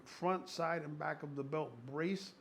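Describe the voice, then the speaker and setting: A gravelly man in his sixties talks shop like a strength coach, slightly high-pitched and worked up. He rambles and swears freely as he tells his stories, with a faint hiss of noise under his voice. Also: unhurried. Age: 60s. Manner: excitable, profane, rambling storyteller. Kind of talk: casual conversation.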